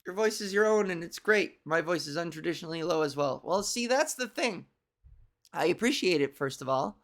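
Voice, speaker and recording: A woman's voice: on the low side, expressive, fairly quick. Woman w a scratchy cartoony voice, rambling and swearing a lot, jokes at her own expense. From Canada. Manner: rambling, profane, self-deprecating. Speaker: comedy show host. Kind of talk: casual live-stream monologue.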